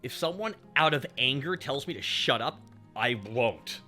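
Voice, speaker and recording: A man's voice: medium pitch, expressive, unhurried, bright, forceful tone, soft background music. A man chatting casually and joking with profanity while he streams a game. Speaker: VTuber streamer.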